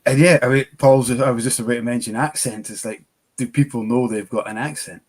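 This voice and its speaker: A man's voice: mid-range voice, steady tone, a little fast, a little mellow. A man co-hosting a casual whisky chat, rambling with hesitant restarts and dry humour. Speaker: whisky shop co-host.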